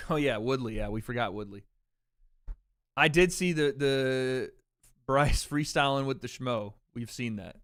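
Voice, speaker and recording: A man's voice: mid-range voice, measured pace, dry recording, clean studio sound. A man hosting a livestream watch party in casual chat, brash and opinionated, swearing freely.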